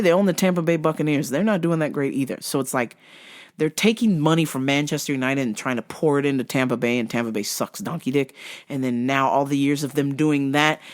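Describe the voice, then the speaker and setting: Male host, swears constantly, rambles, stops and restarts, laid-back monologue. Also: fairly high pitch. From United States. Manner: profane, rambling, many fillers and restarts. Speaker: podcast host. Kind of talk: casual travel-recap monologue.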